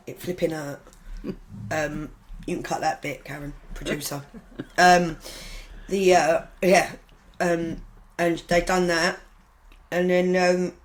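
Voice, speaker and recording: A woman's voice: fairly low pitch, poor audio. A woman talks as a podcast guest, telling her story casually and frankly. She rambles and backtracks often and corrects herself, with blunt humour and the odd swear word.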